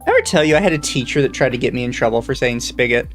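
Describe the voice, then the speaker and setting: A man's voice: mid-range voice, animated, very fast, soft background music. A man with a Southern American accent, hosting a casual podcast chat with dry, wry storytelling. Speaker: podcast host.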